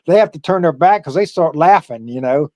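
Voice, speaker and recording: An older former pro wrestler telling stories in a casual interview, halting often with fillers and laughing along the way. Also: male voice, a little high, animated, warm tone, no echo.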